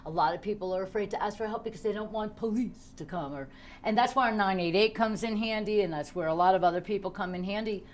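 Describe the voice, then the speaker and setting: Woman podcast host, emphatic chatty storyteller, mid pitch, bit of faint background hiss. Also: quick pace. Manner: lively, emphatic storyteller who laughs often. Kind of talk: casual chat.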